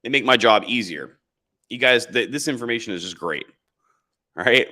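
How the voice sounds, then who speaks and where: Sarcastic male livestream host, bright voice. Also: mid-range voice, normal speed. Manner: sarcastic, rambling, calls viewers boys. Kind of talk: casual livestream chat, reading chat comments. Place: indoors, standing in camera frame.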